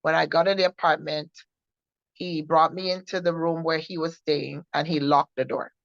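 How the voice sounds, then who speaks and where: Low-voiced woman giving earnest testimony. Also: fairly even intonation, no echo. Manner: earnest, halting, with many repetitions and restarts. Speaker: guest sharing a personal testimony. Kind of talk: personal testimony storytelling. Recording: dull lo-fi recording.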